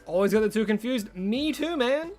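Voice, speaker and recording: Chatty male game streamer, higher voice. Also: animated, moderate pace, darkish tone, faint music behind. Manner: chatty, answers chat messages, rambling asides. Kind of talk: casual live-stream chat with viewers.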